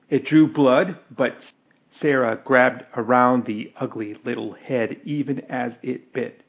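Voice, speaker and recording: Unhurried male audiobook narrator, mid-pitched; narrow telephone-like audio. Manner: slow, measured storytelling. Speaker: storyteller. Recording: tinny phone-like audio.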